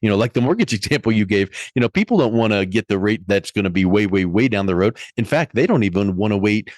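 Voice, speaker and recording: Man, host, deep voice, dry close recording, casual interview chat. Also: expressive, fast talker, a little mellow, no echo. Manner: conversational, uses analogies, some fillers. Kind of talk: podcast interview.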